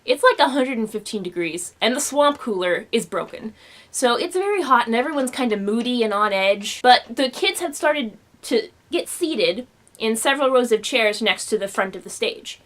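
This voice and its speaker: A young woman telling a personal story in a home vlog, animated and expressive, acting out the quotes. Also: fairly high pitch, normal speed. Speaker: vlogger. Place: home room.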